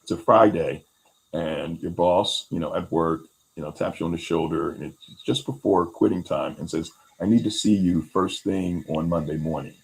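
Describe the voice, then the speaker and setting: A man hosting a talk, explaining resilience skills in a relaxed conversational way, with many fillers and quick acted-out quotes. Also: low voice, creaky, poor audio. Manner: animated, acts out quoted voices, many fillers. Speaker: host.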